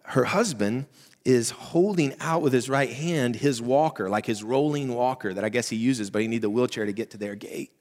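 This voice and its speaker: A man with a Southern accent, a pastor giving a conversational sermon, swinging between loud emphatic lines and soft hushed asides. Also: medium pitch, moderate pace. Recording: reverberant hall.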